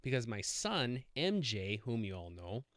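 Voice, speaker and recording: A man's voice: medium pitch, very animated, measured pace, a bit bright, no room sound, studio quality. A man hosting a casual solo podcast, rambling with many fillers and self-corrections. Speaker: podcast host.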